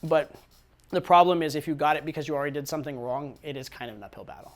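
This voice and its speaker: A man's voice: a little high, racing. A man giving casual dating advice, talking conversationally with repeated words and frequent "right?" tag questions. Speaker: dating coach.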